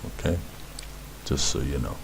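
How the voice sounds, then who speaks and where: A man's voice: rumbling low, expressive, unhurried, vocal fry, background noise. A man teaching beginners Hebrew letters, patiently repeating words and sounds as he explains. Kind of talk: instructional explanation.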